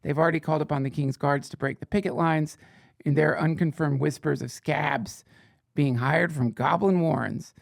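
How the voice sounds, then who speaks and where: Profane sarcastic podcast host, gravelly. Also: male voice, a little high, fairly even intonation, normal speed, no echo, clean studio sound. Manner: profane, sarcastic asides, rambling. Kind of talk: comedic reading of fake fantasy news.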